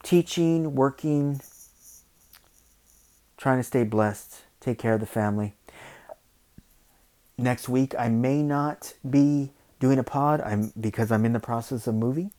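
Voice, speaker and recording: Male podcast host, mid-pitched voice, opinionated ranting monologue. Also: a little slow, pauses often, dark tone. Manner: opinionated, repetitive, frequent "you know" and "okay".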